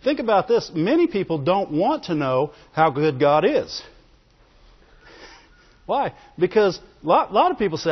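A man's voice: high voice, sing-song, a little slow, slightly rough. A man preaching a sermon in a conversational way, often laughing and calling for amens. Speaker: pastor. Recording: dull lo-fi recording in a reverberant hall.

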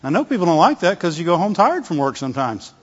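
A man's voice: on the high side, sing-song, quick pace, slightly rough. A middle-aged male pastor giving a conversational sermon, often repeating words and asking the congregation "Amen?". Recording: long hall reverb, dull lo-fi sound.

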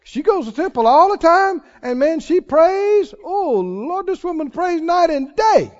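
High-voiced, slow, animated man preaching. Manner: animated preaching, mimics wailing prayers. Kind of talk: sermon. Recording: muffled lo-fi sermon recording.

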